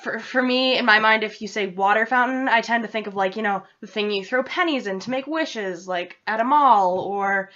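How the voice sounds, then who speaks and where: With a mid-range, slightly bright voice, she speaks at a moderate pace with few pauses. She's a young vlogger from central Massachusetts with a New England accent, rambling self-deprecatingly to her laptop camera, the webcam producing dull lo-fi audio.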